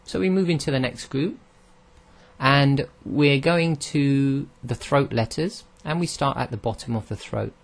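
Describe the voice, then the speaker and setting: A man's voice: mid-range voice, measured pace, gravelly. A man teaching Arabic pronunciation in a recorded lesson, explaining patiently step by step and sounding out each letter aloud.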